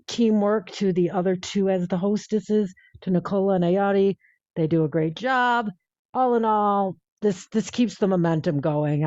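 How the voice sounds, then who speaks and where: A woman podcast host giving a measured, appreciative review of a comedy sketch. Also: fairly low pitch, a little mellow, no echo. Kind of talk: casual review chat. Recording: slightly dull lo-fi mic.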